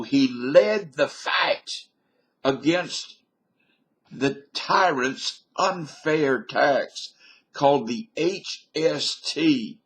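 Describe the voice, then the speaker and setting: A man from British Columbia talks into a webcam, drifting from one aside to the next in a folksy, mock-learned way. His voice is slightly husky and his delivery unhurried, with plenty of loose asides. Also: medium pitch, fairly bright tone. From British Columbia, Canada. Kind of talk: rambling comic monologue.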